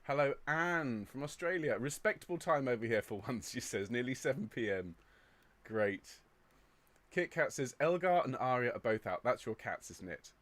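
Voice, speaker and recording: A chatty man from England hosting a choir live stream, greeting viewers and reading out their comments in a relaxed, upbeat way. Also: medium pitch, moderate pace, no echo. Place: indoor room overlooking a square.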